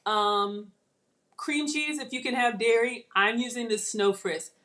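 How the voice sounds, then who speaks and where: A woman's voice: a little high, a little slow, a bit bright, a little hiss or hum. A middle-aged woman, hosting a chatty live cooking demo and talking viewers through each step. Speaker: channel host.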